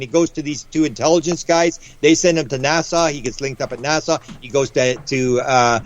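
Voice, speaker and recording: A man's voice: mid-range voice, fairly even intonation. Man telling a story over dull lo-fi audio. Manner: rambling, quick restarts, acts out quoted voices. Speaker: guest author. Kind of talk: casual interview talk.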